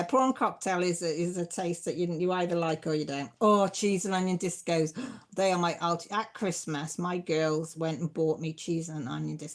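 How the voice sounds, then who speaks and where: A middle-aged woman, hosting a casual live stream, reading comments and often breaking into giggles. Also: fairly low pitch. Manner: giggly, self-deprecating, chatty.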